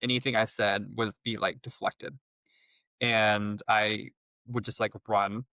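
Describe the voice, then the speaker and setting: Guy telling his story, flat low voice, stops and starts a lot, no room echo. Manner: halting, heavy use of "like" fillers. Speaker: guest. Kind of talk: personal storytelling.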